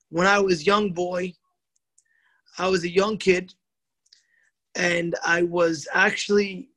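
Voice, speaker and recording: High-voiced man telling a moral story. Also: rough recording. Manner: animated storyteller, slows for emphasis, voices characters. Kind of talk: storytelling sermon.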